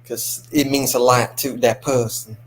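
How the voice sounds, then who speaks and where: A man adds a few calm, measured remarks to a casual conversation. He is at a middle pitch, with faint ambience behind him. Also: slight background noise. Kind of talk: casual chat.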